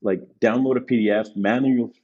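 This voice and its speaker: A man's voice: mid-range voice, steady tone, brisk, dark tone, husky, dull audio. A male business consultant speaking as a podcast guest, making his points emphatically and repeating them for stress. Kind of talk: casual conversational interview.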